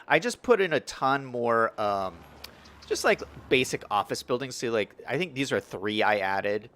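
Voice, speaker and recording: Streaming live, this young man keeps up a chatty, upbeat commentary on the city-building game he's playing and reads messages from chat aloud. His voice is medium in pitch and a little bright, with slight background noise behind it.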